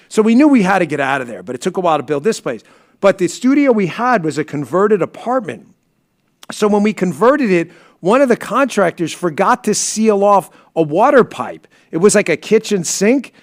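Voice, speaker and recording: A man hosts his live podcast from a studio, talking in an animated, storytelling way. He sniffles and sounds emotional. His voice sits a little high, and the room sound is dry and close. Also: no echo. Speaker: podcast host. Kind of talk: emotional live-stream talk and ad read.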